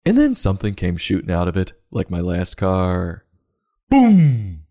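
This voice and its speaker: A man's voice: low voice, huge pitch swings, normal speed, darkish tone. A man hosting a comedic podcast that reviews children's books, with a sarcastic, jokey delivery.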